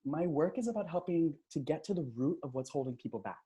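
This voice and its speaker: A man leading a live online coaching session, upbeat and hyping up the chat with cheers and quick shout-outs, talking into a computer mic on a video call. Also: a little high, expressive. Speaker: transformational coach.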